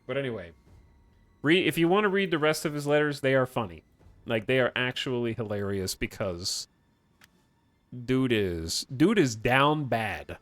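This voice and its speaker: A man's voice: mid-range voice, normal speed, no room sound. Joking male streamer chatting casually. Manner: joking, animated, laughs often. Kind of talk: casual live-stream chat.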